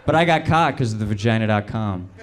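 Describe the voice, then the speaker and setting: A man doing a stand-up set, telling stories in a laid-back, deadpan way. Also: fairly low pitch, fast, crowd noise. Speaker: stand-up comedian. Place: comedy club stage. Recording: loud audience noise in a club. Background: audience laughter.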